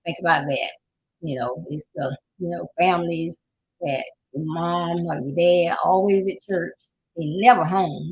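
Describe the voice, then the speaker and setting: Speaking a little slowly in a low, breathy voice with fairly even intonation, a life coach host delivers a casual motivational talk. She's an older Southern US woman, preachy yet folksy, occasionally laughing mid-sentence. The recording quality is low.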